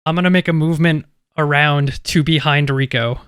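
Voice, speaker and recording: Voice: medium pitch, steady tone, moderate pace, fairly bright tone, clear, resonant tone. A tabletop game player speaking casually, rambling with many fillers.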